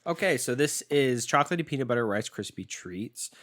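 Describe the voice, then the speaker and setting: A man's voice: medium pitch, expressive, fairly quick, fairly bright tone. A young man co-hosting a casual food-tasting podcast, joking around, interrupting and slipping into silly bits as he reviews snacks. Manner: playful, jokey, interrupts, slips into silly bits. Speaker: podcast co-host.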